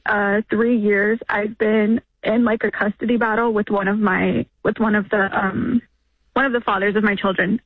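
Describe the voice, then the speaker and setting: A woman in her thirties calling a radio show, hesitant and halting, close to tears. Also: mid-range voice, level tone, slightly rough, no echo. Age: 30s. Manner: hesitant, halting, many fillers. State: emotional, near tears. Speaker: caller. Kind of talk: phone call to radio show. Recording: tinny phone line.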